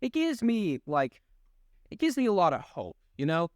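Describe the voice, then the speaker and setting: Lively rambling young man, dry sound. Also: high-pitched, no echo. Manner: rambling, halting, swears freely. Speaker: podcast co-host. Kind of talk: casual chat.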